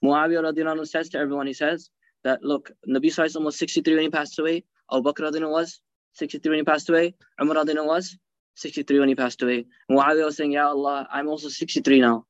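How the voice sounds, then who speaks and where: Guy teaching a hadith class, talks fast, lots of questions to the room, arabic phrases mixed in, dull dry lo-fi sound. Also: a little high, no room sound. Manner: animated, asks the class rhetorical questions; mixes Arabic phrases into English. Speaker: religious teacher.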